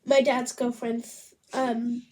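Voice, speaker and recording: A woman's voice: a little high, flat delivery, slow pace, warm tone. A woman chatting to camera in a casual, rambling vlog, often laughing as she talks. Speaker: vlogger.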